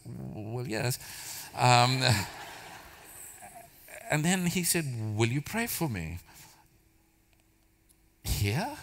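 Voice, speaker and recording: A man's voice: medium pitch, a bit bright. Storytelling man preaching in a reverberant hall. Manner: storytelling, conversational, self-deprecating humor. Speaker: church speaker. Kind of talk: sermon. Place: large church hall.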